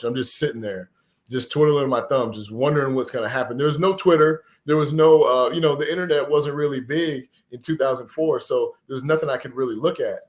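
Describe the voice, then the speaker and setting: A man in his forties from Texas, a former pro football player and podcast guest, telling a personal story in an animated, earnest and emotional way. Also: mid-range voice. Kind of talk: conversational storytelling.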